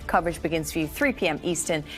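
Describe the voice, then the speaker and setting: A woman hosting a studio football show, reading schedules and handing to guests in a brisk, upbeat way. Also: sits low, a bit bright, soft background music. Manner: brisk, upbeat presenter delivery. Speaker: host. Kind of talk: studio sports show presenting.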